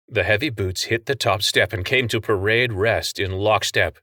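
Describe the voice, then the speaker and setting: A man narrating a story aloud, steady and expressive. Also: lowish voice, normal speed, hardly any pauses, dry recording, clean studio sound. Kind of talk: audiobook narration.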